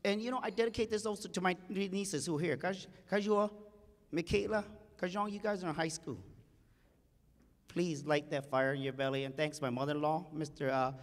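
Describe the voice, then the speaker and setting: A man's voice: a little high, brisk. A man giving a heartfelt speech at a conference, telling a family story with emotion and acting out the quoted voices. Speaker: conference speaker. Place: conference hall stage. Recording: large hall reverb.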